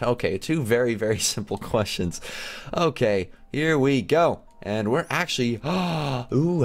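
A young man hosting a gaming video, chatting excitedly to his viewers as he plays. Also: medium pitch. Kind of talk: game commentary.

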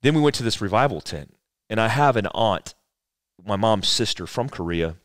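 A man's voice: lowish voice, lively intonation, normal speed, dry recording, studio quality. A man in his forties, a former soldier, telling a rambling, profane story as a podcast guest. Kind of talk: casual storytelling conversation.

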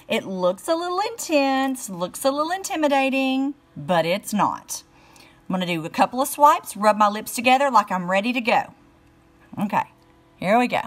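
A middle-aged Southern American woman live-streams lipstick swatches as a beauty vlogger, chatting casually and greeting viewers by name. Her voice is fairly high, sing-song and a bit bright, and she speaks slowly.

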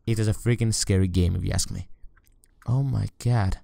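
A man's voice: medium pitch, moderate pace, vocal fry, no room sound, clean studio sound. A man playing a horror game on camera, talking to the game and his viewers, often shrieking and swearing when scared. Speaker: let's play gamer.

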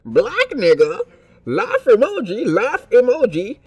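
A shrill, ranting online troll, put on by a man in a slow, mocking sing-song. The voice swoops wildly and sounds a little breathy. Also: huge pitch swings, dry recording, dull audio, full character voice.

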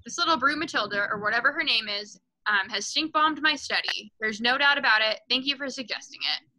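A woman's voice: fairly high pitch, brisk, pushed and bright, poor audio. A woman reading aloud and voicing a huge, bullying female headmistress who barks and mocks. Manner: barking, snapping, mocking.

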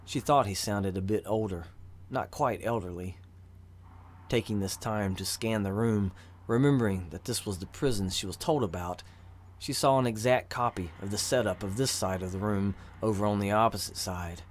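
A man narrating a fantasy story in an even, measured reading voice. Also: lowish voice, a little hiss or hum. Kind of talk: audiobook narration of fantasy fiction.

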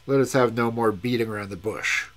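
A man reading aloud and voicing a fierce, hot-tempered male explorer in a gruff, threatening, low voice with a husky tone. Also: fairly quick, a bit bright, lightly acted. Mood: defiant.

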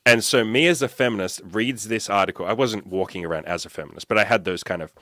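A man with a lowish voice speaks as a podcast guest in a casual, storytelling way. He is candid and swears freely, and he slips into acting out what he used to think. The sound is close and dry, with no room around it. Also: fast, sharp tone, no room sound. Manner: candid, profane, acts out his own past thoughts.

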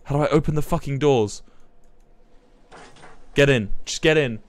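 A young man, commentating a live game stream in a flustered, excitable way, swearing and laughing. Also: medium pitch, moderate pace. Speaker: livestreamer.

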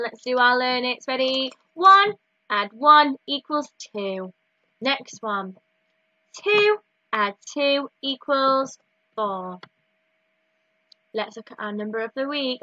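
A woman teaching a recorded maths lesson to young children in a slow, sing-song, encouraging way. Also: a little high, expressive, pushed and bright, no echo, muffled recording. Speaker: early years teacher.

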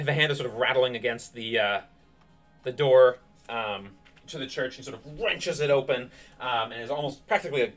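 A man narrating a tabletop game as game master, pausing often with fillers as he describes the scene. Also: medium pitch, fairly bright tone, far from the mic. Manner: hesitant, many fillers. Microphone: streaming setup.

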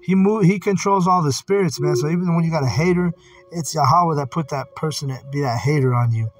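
A man's voice: fairly high pitch, brisk. Blunt, profane man teaching scripture. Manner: reads scripture aloud, then comments bluntly with profanity. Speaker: Bible teacher. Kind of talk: casual Bible study commentary. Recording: distant mic with singing bowl music.

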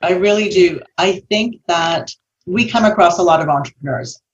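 A woman co-hosting a podcast, talking in a relaxed, conversational way. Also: on the low side, moderate pace. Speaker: podcast co-host. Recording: dull audio, distant from mic.

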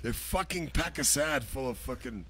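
Male stream host, loud and sweary, jumpy pitch, faint background hiss. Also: expressive, normal speed. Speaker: livestream host. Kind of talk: casual banter livestream.

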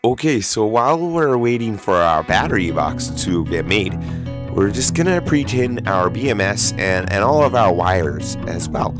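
Aussie guy talking through his electric skateboard build, low relaxed voice, stumbles a bit, guitar music playing behind. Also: a little slow. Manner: easygoing, hesitant, stumbles over hard words. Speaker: DIY maker. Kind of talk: casual how-to narration.

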